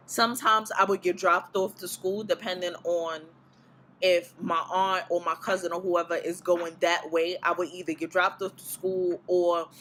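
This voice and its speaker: A woman vlogger casually tells a story to camera, blunt and profane, acting out her reactions as she goes. Her voice is fairly low-pitched, and the recording quality is poor.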